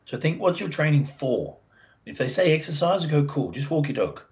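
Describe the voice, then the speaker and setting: A man, a dog behaviour expert, explaining as a podcast guest in a chatty, animated way and acting out the voices of dog owners. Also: a little high, fairly quick. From Australia. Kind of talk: casual podcast interview. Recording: dull lo-fi sound.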